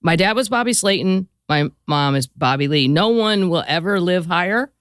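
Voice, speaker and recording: Woman comedian guest, middle-aged; lively pitch, dry studio sound, wry delivery. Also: moderate pace, no echo. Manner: wry, animated anecdotes. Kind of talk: casual chat. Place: podcast studio.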